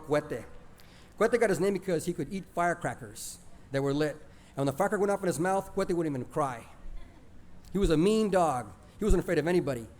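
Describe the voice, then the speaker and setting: A man's voice: on the high side, a little mellow. A man telling a childhood story plainly, dropping in Spanish words. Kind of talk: oral storytelling of a childhood memory.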